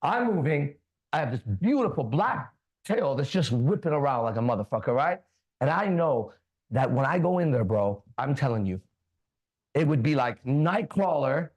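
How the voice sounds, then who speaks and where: A man hosting a casual talk show, animated, preachy and swearing freely. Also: fairly high pitch, normal speed. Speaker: podcast host. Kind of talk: casual chat.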